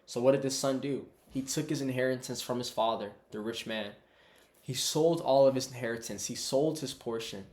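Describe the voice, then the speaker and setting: A man's voice: mid-range voice, normal speed, a little mellow, reverberant. A man giving a casual, conversational Bible teaching online and calling his viewers "bro". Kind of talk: casual preaching to camera.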